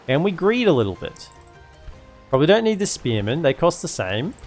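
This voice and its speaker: A man's voice: fairly high pitch, very animated, moderate pace, a little mellow, faint music behind. A man casually commentating his live strategy game stream, rambling and chatty with lots of fillers.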